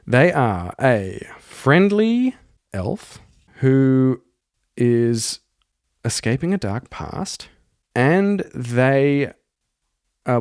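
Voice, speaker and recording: A man's voice: medium pitch, a little mellow, no echo, clean studio sound. A man hosting a podcast, narrating a solo tabletop game and thinking aloud as he rolls dice. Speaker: podcast host and solo player.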